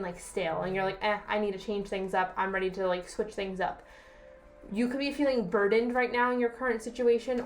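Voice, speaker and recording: A woman's voice: medium pitch, slight background noise. Chatty woman giving a tarot reading. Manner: chatty, reassuring, repeats herself, asks "okay?". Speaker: tarot reader. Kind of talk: casual tarot reading to camera.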